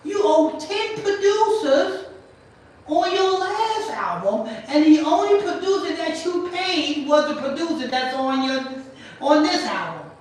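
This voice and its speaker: Woman host, high voice, loud rambling rant, echoey room, far from mic. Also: expressive, a little slow, a little hiss or hum. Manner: loud, rambling, repeats herself, questions a voice assistant. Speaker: channel host. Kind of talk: ranting commentary stream.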